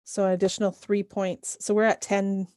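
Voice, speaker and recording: Woman game master, mid-pitched, patient, dry close mic. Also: little pitch movement, normal speed, darkish tone, no room sound. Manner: patient, checks numbers step by step. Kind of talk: running a tabletop game, explaining rules.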